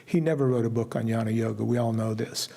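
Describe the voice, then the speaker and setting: An older man sharing a personal remembrance at a memorial service, telling stories in an unhurried way with asides. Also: medium pitch, gravelly, mellow. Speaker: memorial speaker. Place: ashram gathering hall.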